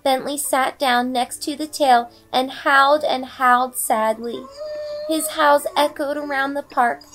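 A woman reading a children's bedtime story aloud with expressive, dramatic storybook delivery. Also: high-pitched, unhurried. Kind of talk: bedtime read-aloud narration. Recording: faint background music.

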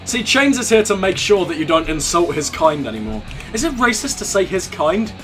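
High-voiced young man joking over gameplay. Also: very animated, fairly quick, a bit bright, soft background music. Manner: joking, crude banter with laughs. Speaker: let's play host. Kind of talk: casual gameplay commentary.

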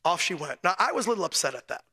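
A man preaching in a church, telling a story with lively delivery, chuckling often and restarting his phrases. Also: sits high, rapid-fire, slightly rough. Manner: animated storytelling, frequent chuckles and self-corrections. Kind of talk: storytelling sermon.

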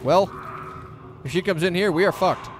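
A man giving sarcastic let's play commentary, swearing often and loudly mocking the monster in a high, shouting voice. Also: normal speed. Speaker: gaming commentator. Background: game music.

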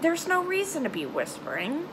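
A young woman telling a personal story to camera in a halting, emotional way, trailing off into sighs and nervous laughs. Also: sits high, wildly swooping pitch, background noise. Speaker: vlogger. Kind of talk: confessional storytime vlog.

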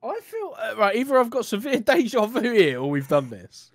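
A man's voice: sits high, huge pitch swings, moderate pace, dry recording. A man, a podcast co-host who chats and teases in casual conversation.

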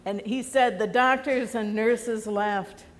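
A woman's voice: on the high side, steady tone, takes it slowly, long reverb tail, a little hiss or hum. A woman pastor preaching a sermon in a church, telling stories earnestly. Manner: earnest storytelling. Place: church sanctuary.

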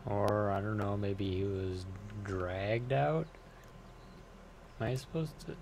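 A man's voice: on the low side, takes it slowly, vocal fry, darkish tone, a little hiss or hum. A man streaming a game and commenting with sarcastic jokes. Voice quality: sarcastic, joking. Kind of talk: let's play commentary.

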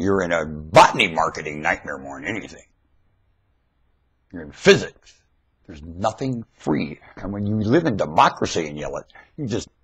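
Brief: low, husky man, wildly lively pitch, erratic rambling webcam vlog, thin webcam mic sound. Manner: erratic, swings between high shouts and low mutters. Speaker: vlogger. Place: at home in front of a webcam. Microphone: webcam microphone.

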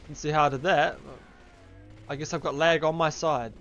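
A man's voice: fairly high pitch, fairly even intonation, moderate pace, fairly bright tone, dull audio, a little hiss or hum. A man giving casual live commentary while streaming a game, chatty and upbeat, buzzing from coffee. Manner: chatty, upbeat, addresses viewers as fellas. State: caffeinated and buzzing. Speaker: gaming streamer.

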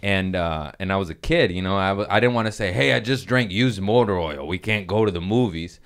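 A man's voice: sits low, brisk, smooth. A comedian in his thirties, telling crude stories in casual podcast banter. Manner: animated, crude storytelling.

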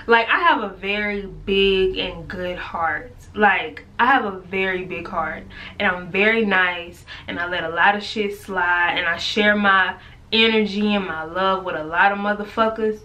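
A woman's voice: medium pitch, sharp tone. A pregnant young woman venting to her viewers in a casual vlog, swearing freely, laughing often, and calling her audience "girl" and "y'all". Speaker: vlogger.

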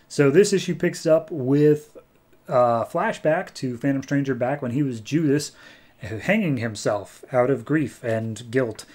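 On his comics podcast, this host speaks in an unhurried, slightly mellow mid-range voice. His review is casual and talkative, full of plot recaps and quick impressions of characters.

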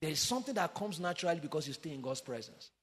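Man, preaching, high voice, reverberant church hall, impassioned sing-song delivery. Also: big pitch swings, very fast, a bit bright. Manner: impassioned preaching, rising to sung emphasis and dropping to low asides. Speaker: pastor. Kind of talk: sermon.

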